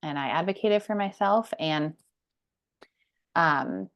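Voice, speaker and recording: A woman's voice: sits low, lively intonation, takes it slowly. A woman in her thirties, a podcast guest, telling her personal story in an earnest, emphatic way. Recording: dull lo-fi sound.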